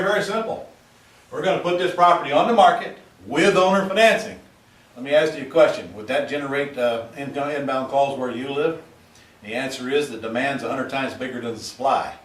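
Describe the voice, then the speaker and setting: A man teaching real estate investing in a folksy, emphatic seminar style, stretching out key words for emphasis. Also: medium pitch. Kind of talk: seminar-style sales talk to camera. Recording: roomy, from a distance.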